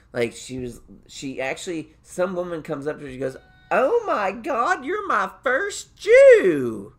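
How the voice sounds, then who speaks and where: A man from Nebraska hosts a loose, casual podcast conversation at an ordinary mid pitch. He rambles through stories, piling on fillers and swear words and laughing often. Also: fairly bright tone. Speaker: podcast host.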